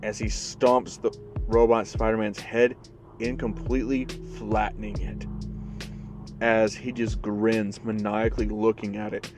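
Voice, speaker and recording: A man's voice: fairly low pitch, flat delivery, unhurried. A man narrating a story in a loose, conversational way, full of fillers. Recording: music playing behind the voice.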